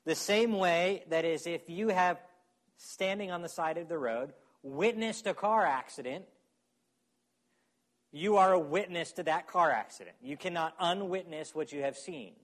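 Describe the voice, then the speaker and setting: A man's voice: a little high, measured pace, fairly bright tone. Man preaching a casual sermon. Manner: conversational preaching, checks in with "okay?". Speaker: pastor.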